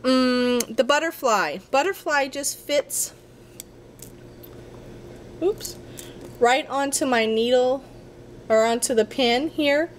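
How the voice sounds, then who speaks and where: A woman's voice: high-pitched, slow pace, long pauses, a little hiss or hum. A woman giving a casual crafting tutorial, chatty and a little apologetic, talking to herself as she works at her craft table.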